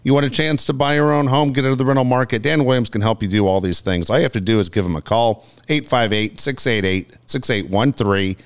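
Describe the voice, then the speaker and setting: A man's voice: mid-range voice, quick pace, hardly any pauses, clean tone. A man co-hosting a radio show, steadily reading a live ad. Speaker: radio co-host. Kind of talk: live ad read.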